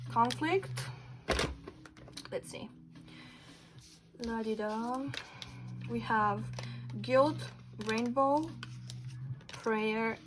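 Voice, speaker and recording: A woman's voice: fairly high pitch, noisy background. Earnest, blunt woman reading tarot. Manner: earnest, blunt, swears for emphasis, gets heated; asks spirit questions aloud while pulling cards. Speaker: tarot reader. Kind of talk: pick-a-card tarot reading to viewers.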